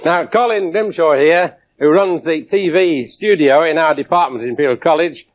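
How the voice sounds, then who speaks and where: A man lecturing to an audience in a lecture theatre, his voice sitting a little high and lively as he demonstrates with wry asides. The sound is dull and muffled, like an old 1970s broadcast. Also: moderate pace, a little hiss or hum. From England. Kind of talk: public science lecture.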